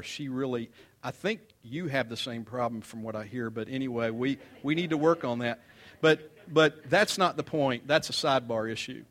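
An older man, a pastor, preaching a sermon in a conversational, animated way, mixing humorous stories with scripture and swinging between loud emphasis and quiet asides. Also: medium pitch.

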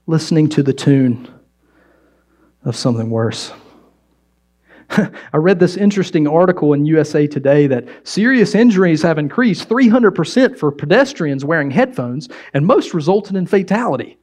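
A man's voice: fairly high pitch, lively intonation, moderate pace, darkish tone. A man preaching a sermon in a conversational, humorous way, telling stories and asking the audience questions. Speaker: pastor.

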